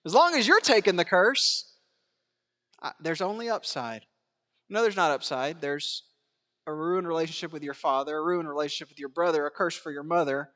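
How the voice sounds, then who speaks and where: A man preaching a sermon in a church, swinging between hushed asides and raised emphatic lines, chuckling and asking rhetorical questions. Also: a little high, animated, moderate pace, pauses often, in a large hall. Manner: acts out biblical quotes in character voices. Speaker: pastor. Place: church sanctuary.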